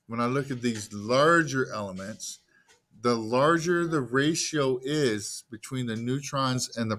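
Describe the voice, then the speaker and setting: A man's voice: mid-range voice, a bit bright. A man delivers a classroom lecture in an easygoing, conversational way. He keeps quizzing the students, then supplies the answers himself, and slips in playful asides along the way. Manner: asks the class questions and answers them himself; casual, jokey asides. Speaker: teacher.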